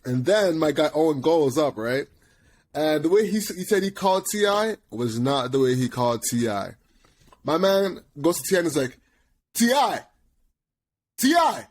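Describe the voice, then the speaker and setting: A young man co-hosting a casual podcast, telling stories with lots of animation, quick impressions and frequent laughter. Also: a little high. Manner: animated storyteller who slips into excited impressions and laughs often. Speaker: podcast co-host.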